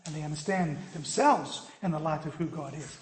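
A man delivers an earnest sermon in a fairly high voice. He swings between loud emphasis and quiet, hushed phrases. The sound rings in a reverberant church room. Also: moderate pace. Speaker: pastor.

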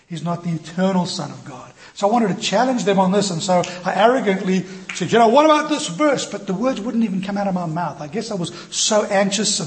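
A male pastor preaching a sermon, telling a personal story in an animated, self-deprecating way and acting out the voices in it. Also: sits high, brisk, few pauses, a little hiss or hum. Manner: animated, self-deprecating, acts out quoted dialogue. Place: church.

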